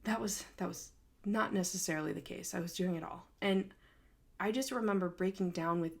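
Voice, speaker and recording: A woman's voice: lowish voice, fairly quick, creaky. Candid young woman telling her story. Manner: candid and emotional, with many "like" and "um" fillers. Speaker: podcast host. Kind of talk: personal storytelling.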